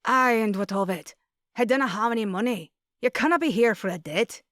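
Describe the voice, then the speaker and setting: A woman's voice: a little high, a little fast, fairly bright tone, no echo, studio quality, pitched above the performer's own voice, natural voice. A woman voicing a suspicious, curt Scottish man who runs a pub, speaking with Scots dialect words. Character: gruff guarded Scottish male pub owner.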